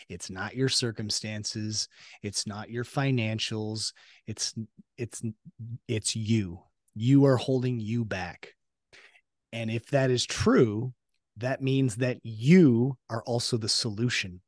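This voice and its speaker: A man's voice: on the low side, takes it slowly, no echo, studio quality. A man speaking as a podcast guest, earnest and motivational, repeating his key points. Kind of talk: casual interview chat.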